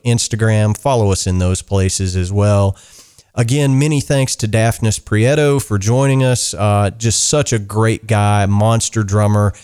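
Male podcast host, slightly low voice, upbeat and friendly sign-off. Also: a little mellow, clean tone. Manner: upbeat, friendly, many "uh" fillers. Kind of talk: casual podcast outro and sign-off.

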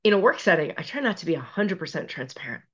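This is a middle-aged woman speaking as an interview guest, telling personal stories with emphatic, self-deprecating humor. Her voice sits on the lower side and comes through a slightly muffled, lo-fi recording. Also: sing-song, fast. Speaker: guest, physician and resilience expert. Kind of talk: conversational interview storytelling.

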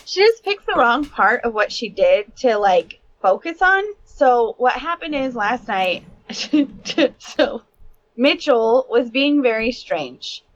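A woman's voice: fairly high pitch, very animated, takes it slowly, lo-fi sound, a little hiss or hum. A woman in her thirties, co-hosting a casual chat, telling candid parenting stories and swearing freely. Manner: candid storytelling, swears and laughs often. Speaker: podcast co-host.

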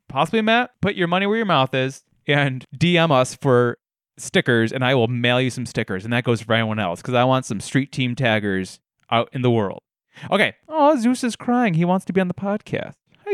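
A man's voice: on the high side, dry recording, studio quality. A young man hosting a casual solo podcast from his living room, telling stories in a wry, self-deprecating way. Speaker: podcast host.

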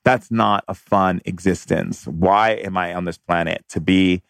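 A man telling a personal childhood story as a monologue, animated and laughing as he recalls it. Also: deep voice, a little slow, creaky, no room sound, clean studio sound.

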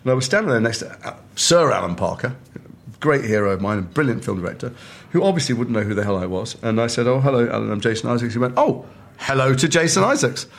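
A middle-aged man from Liverpool, a guest actor telling animated stories over a meal and acting out quoted voices. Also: medium pitch, quick pace, creaky. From north of England, Liverpool. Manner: animated storyteller who acts out quoted voices. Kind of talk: casual chat over a meal. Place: restaurant table.

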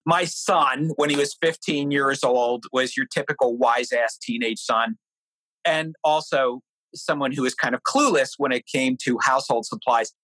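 A middle-aged author from New Hampshire, appearing as an interview guest, explains his ideas and shares a family anecdote conversationally. He's an animated storyteller with a lively pitch, talking at a moderate pace on a dry, low-quality recording.

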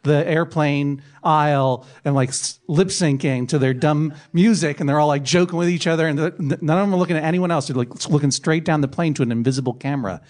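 A man's voice: a little high, quick pace, hardly any pauses, a little mellow. Man telling a comic self-mocking story. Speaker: podcast guest telling a story. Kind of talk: comic anecdote.

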